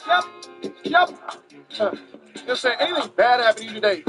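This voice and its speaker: A man streaming a baseball video game, joking in quick casual banter with his co-host. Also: extremely high pitch, expressive. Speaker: gaming streamer. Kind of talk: casual chat over gameplay. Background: rap music playing.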